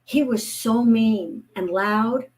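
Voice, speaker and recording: A woman in her fifties, a guest author, chatting casually and telling lively stories, acting out the voices of people she quotes. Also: a little high, takes it slowly, background noise. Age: 50s. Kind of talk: casual chat.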